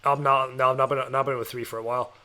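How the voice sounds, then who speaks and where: A man's voice: mid-range voice, fast. A man hosting a podcast, telling stories in casual chat, laughing and swearing as he goes. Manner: animated storytelling, laughs, swears. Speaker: podcast host.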